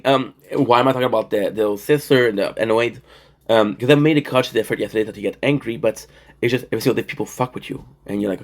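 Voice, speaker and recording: A young man streaming and telling stories in casual, profane, rambling talk full of fillers. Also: fairly low pitch. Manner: profane, animated storytelling with frequent fillers.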